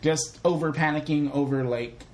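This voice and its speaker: A young woman co-hosting a casual podcast about a movie, joking dryly, swearing and quoting characters in a flat voice. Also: low-pitched, normal speed. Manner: dry, joking, swears, quotes characters flatly. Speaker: podcast co-host. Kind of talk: casual movie-discussion chat.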